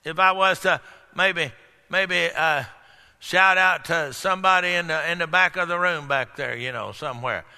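A male pastor preaching a sermon to a congregation, calling out questions and breaking into sudden shouts. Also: on the high side, normal speed, clear, resonant tone. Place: church hall. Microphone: microphone. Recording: echoey hall.

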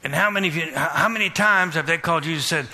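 A man preaching a sermon, questioning the congregation and repeating phrases in a steady rhythm. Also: a little high, fast. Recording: reverberant hall.

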